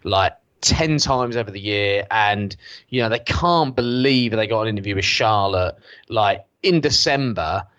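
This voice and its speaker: A man's voice: lowish voice, expressive, measured pace, a bit bright, no echo. A British man hosting a podcast from his sofa, ranting sarcastically and swearing freely in casual chat. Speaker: podcast host. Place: at home on a sofa.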